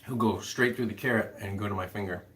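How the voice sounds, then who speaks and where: A man's voice: on the low side, fast, fairly bright tone, a little hiss or hum. Rambling man chatting on a live stream. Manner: rambling, filler-heavy, answers chat comments. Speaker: animal rescuer streaming to viewers. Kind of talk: casual live stream chat. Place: home room with pets. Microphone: camera on upside-down tripod.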